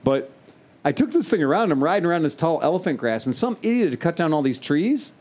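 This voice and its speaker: A man casually telling a story, animated and profane, imitating engine noises as he goes. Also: a little high, fast.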